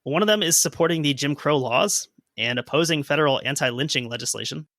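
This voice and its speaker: A man co-hosts a history podcast, reading archival quotes aloud and slipping in dry jokes. His voice is bright and a little high, recorded close and dry with no room sound. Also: fast, dry recording. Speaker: podcast co-host. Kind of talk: history podcast narration and chat.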